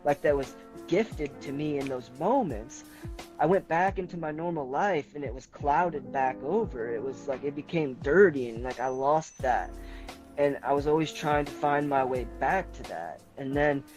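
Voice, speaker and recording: A man's voice: on the high side, normal speed, over music, low-quality recording. Man rambling through a personal story. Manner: rambling, leans heavily on filler "like". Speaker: podcast guest. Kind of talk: personal story in casual conversation.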